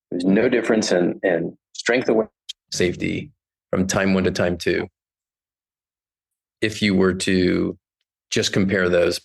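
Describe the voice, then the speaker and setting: Low, gravelly-voiced man explaining. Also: rough recording. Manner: thoughtful, explanatory, storytelling. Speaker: podcast guest, management professor. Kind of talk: conversational explanation.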